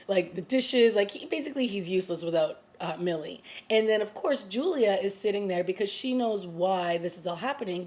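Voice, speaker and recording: Her voice is fairly low and a little mellow as she reviews TV. In a chatty, casual vlog, she recaps an episode and retells its plot, packing her talk with fillers.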